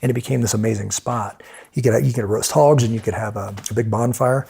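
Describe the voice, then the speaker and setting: A middle-aged American man and podcast guest telling lively stories in conversation, acting out the voices of the people in them. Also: mid-range voice, a little fast, gravelly, slightly rough. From United States. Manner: animated storyteller who acts out quoted voices. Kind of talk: storytelling in conversation.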